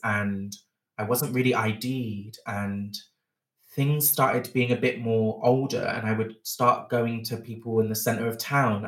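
A man's voice: mid-range voice, fairly bright tone, echoey room, recorded from a distance. A man, from Bristol, telling frank, self-mocking stories as a podcast guest. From Bristol, England. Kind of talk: candid storytelling chat.

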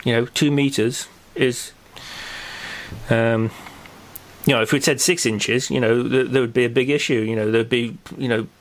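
A man co-hosting a local podcast, chatting casually and running through the news, rambling with lots of fillers and restarts. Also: medium pitch. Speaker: podcast co-host. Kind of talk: casual chat and news rundown.

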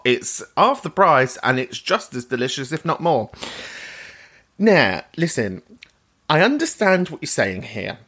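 An animated man hosting a chatty podcast. His pitch swoops up and down as he reacts to voicemails with mock outrage, and he often breaks into laughter. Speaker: podcast host reading voicemails. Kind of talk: casual chat.

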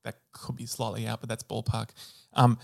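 A man with an everyday mid-range voice explains a science topic in relaxed conversation. He hedges with fillers, corrects himself as he goes, and slips in jokes. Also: medium pitch, normal speed, gravelly, dry recording, studio quality. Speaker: podcast co-host. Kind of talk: casual educational chat.

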